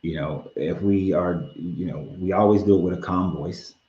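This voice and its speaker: Deep-voiced man hosting a live stream. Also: normal speed. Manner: calm, patient, advising. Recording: roomy, dull lo-fi stream audio.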